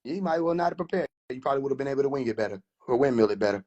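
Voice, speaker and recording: A man's voice: mid-range voice, animated, very fast, a little mellow, lo-fi sound. A man hosting a live stream, boisterous and mocking in a casual rant, laughing often. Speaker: livestream host.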